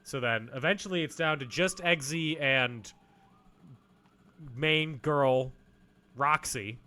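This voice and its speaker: A man's voice: on the high side, takes it slowly, sharp tone. A young man co-hosting a podcast, casually recapping a film with playful jokes. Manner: playful, jokey, breaks into silly voices. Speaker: podcast co-host.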